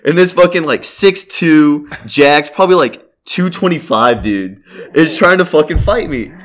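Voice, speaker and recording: A man's voice: a little high, animated, a little slow, a bit bright. A young man casually telling a long, profane story on a podcast, packed with "like" fillers and laughing as he goes. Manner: rambling, profane, many "like" fillers.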